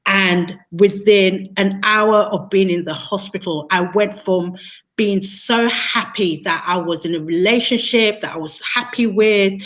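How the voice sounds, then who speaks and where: Earnest woman, mid-pitched, recounts a personal story on a muffled video call. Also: a little slow, fairly bright tone. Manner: earnest, emotional, repeats words and restarts. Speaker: interview guest, training consultant.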